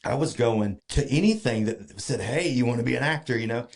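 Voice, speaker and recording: Brisk and creaky, his mid-range voice carries a long story told as a guest on a casual podcast. The Georgia, US native gives an animated retelling crowded with fillers and plenty of restarts.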